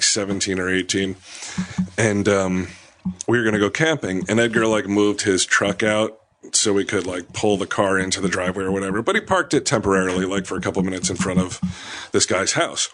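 A man's voice: fairly low pitch, normal speed, fairly bright tone. A man casually telling a profane neighborhood anecdote in a podcast chat.

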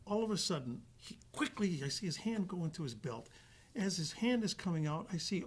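A man with a husky, slightly breathy voice, pitched a bit high, tells an animated story as an interview guest. He acts out the other people's lines and often stops and restarts mid-sentence. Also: brisk. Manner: acts out quoted dialogue with restarts. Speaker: actor guest.

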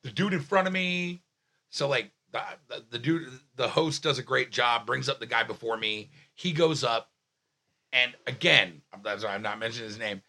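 A man, a comedian telling a story in casual podcast chat, profane and animated, full of restarts and fillers. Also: mid-range voice, normal speed. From Staten Island, New York.

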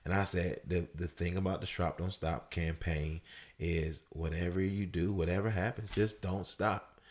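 A man in casual conversation telling a personal story, loose and full of fillers, his voice leaping high when he acts out people shouting. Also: normal speed. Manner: animated storyteller, voice jumps up high for quoted shouts. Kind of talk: casual chat.

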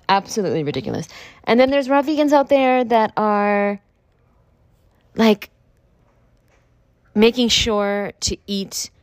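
A woman's voice: mid-range voice, no echo, clean studio sound. A young woman hosting a podcast, ranting casually in a blunt, profane way with lots of filler words. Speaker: podcast host. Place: home with construction noise outside.

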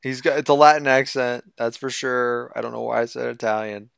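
A man's voice: medium pitch, little pitch movement, a little fast, creaky, smooth, dry recording, studio quality. A man in casual podcast chat, easygoing and hesitant, often stopping to correct himself. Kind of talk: casual chat about a video game.

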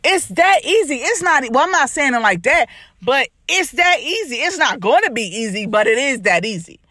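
A woman's voice: high voice, very animated, normal speed, pushed and bright, no echo, studio quality. A woman hosting a podcast as a life coach, giving an emphatic, repetitive motivational talk to her listeners. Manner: preachy, emphatic, repetitive, uses "baby".

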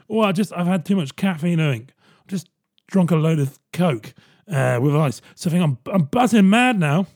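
A man's voice: on the high side, expressive, normal speed, a little mellow. A man hosting his own podcast in a rambling, sardonic monologue, swearing freely. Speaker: podcast host. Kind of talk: casual solo podcast monologue.

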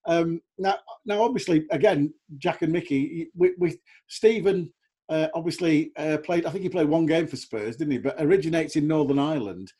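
Mellow, husky-voiced man hosting a football chat. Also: a little high, normal speed. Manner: chatty, animated storyteller who mimics others. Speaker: podcast host.

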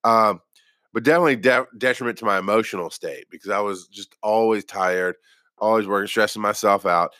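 Speaking a little fast in a lowish, somewhat bright voice, a man who used to be a paramedic shares his story casually. He wanders, jokes at his own expense, and keeps restarting, all captured in clean studio audio without room sound.

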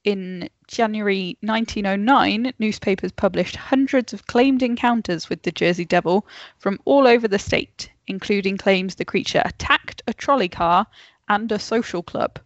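A woman co-hosting a podcast over a video call, reading facts aloud in a casual, unhurried way and laughing off interruptions. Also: mid-range voice, dry recording. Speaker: podcast co-host telling the story. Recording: dull lo-fi call audio.

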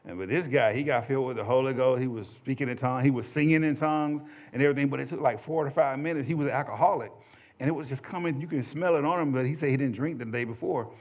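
A man recounts a church testimony to a small group, speaking in a folksy, animated storytelling way at a middling pitch. The recording is muffled and lo-fi. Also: fast talker. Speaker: church minister giving a testimony. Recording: dull lo-fi audio.

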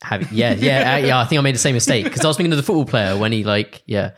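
A man's voice: mid-range voice, very fast. A young man chatting casually, telling rambling stories and laughing often. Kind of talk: casual chat.

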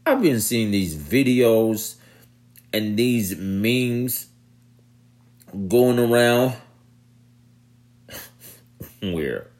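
Animated man. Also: lowish voice, very slow, pauses often. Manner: animated, talks straight to the audience, laughs and repeats himself. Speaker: vlogger. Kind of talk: casual commentary to camera.

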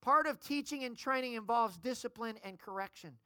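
A woman pastor delivers a sermon with a bright, fairly high voice. She preaches with conviction and keeps asking the congregation for amens. The sound is dry and close. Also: a little fast, dry recording.

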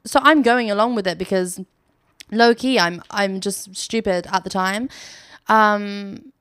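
A woman's voice: mid-range voice, a little slow, fairly bright tone, smooth, no room sound, clean studio sound. A young British woman hosting a casual solo podcast, telling stories in a chatty, giggly way and swearing freely. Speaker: podcast host.

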